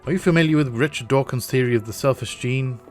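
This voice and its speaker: A man voicing a patient male scientist, explaining things in a measured way. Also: medium pitch, faint music behind, natural voice.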